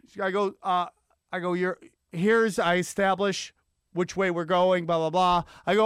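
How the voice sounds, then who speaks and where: A man's voice: high voice, moderate pace, clear, resonant tone, no echo, clean studio sound. A man hosting a podcast, telling a long profane story with lots of energy, acting out sirens and the voices of people he quotes. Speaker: podcast host. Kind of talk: animated solo storytelling rant. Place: Los Angeles area.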